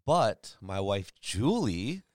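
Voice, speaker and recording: Lower-voiced man telling rambling stories. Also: slow pace, no echo, studio quality. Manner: rambling, animated storyteller who acts out quotes. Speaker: podcast host. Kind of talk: casual chat.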